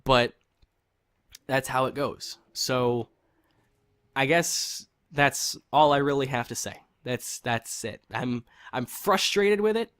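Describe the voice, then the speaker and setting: Guy venting about a game, heated and annoyed, mid pitch, swears a lot. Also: a bit bright. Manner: heated, frustrated, swearing, repeats for emphasis. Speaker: gaming commentator. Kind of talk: casual opinion rant.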